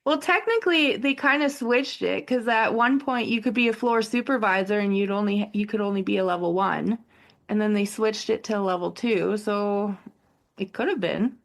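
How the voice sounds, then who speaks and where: A woman with a middle-pitched, gravelly voice full of vocal fry. She explains things in a practical, matter-of-fact way on a relaxed podcast. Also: normal speed. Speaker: podcast co-host, childcare provider. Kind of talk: casual chat.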